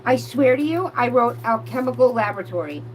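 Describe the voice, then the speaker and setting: A woman giving a live tarot reading, reading cards aloud and breaking off into excited, profane outbursts. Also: on the high side, fairly quick, a little hiss or hum, low-quality recording. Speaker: tarot reader.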